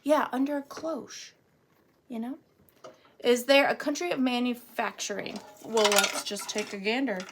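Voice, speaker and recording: A woman's voice: fairly high pitch, steady tone, unhurried, a little hiss or hum. A woman running a live vintage auction, chatting playfully and counting down bids. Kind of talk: casual live sale chat.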